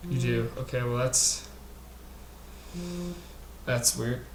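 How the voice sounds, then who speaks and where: A man's voice: medium pitch, completely flat delivery, slow pace. A man hosting a comedic conspiracy stream, brash, rambling and profane, talking into a desktop mic. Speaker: stream host. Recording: roomy with faint hiss.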